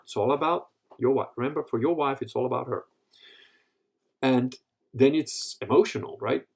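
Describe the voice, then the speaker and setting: A man answers live questions in a Q&A, telling crude, rambling stories packed with profanity. His voice is mid-range and slightly rough, at a moderate pace.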